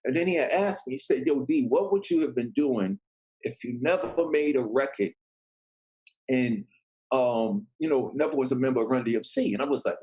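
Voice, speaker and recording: A man's voice: medium pitch, normal speed, breathy edge, rough recording. A middle-aged man telling a long casual story, acting out the voices of people in it. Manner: animated, acts out quoted voices. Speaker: guest storyteller.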